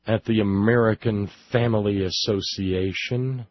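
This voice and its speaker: A political commentary host with a low, husky voice and moderate pace delivers a sarcastic monologue, shifting between mockery and indignation. He restarts hesitantly while reading from a report. There's no room sound, and the audio is dull.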